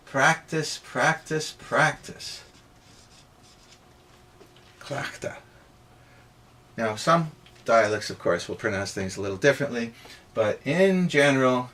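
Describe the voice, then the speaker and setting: Male tutor, bright forceful voice, emphatic drilling delivery, faint hiss. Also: fairly low pitch. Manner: emphatic, repeats sounds slowly for drilling. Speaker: Irish language tutor. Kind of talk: pronunciation lesson.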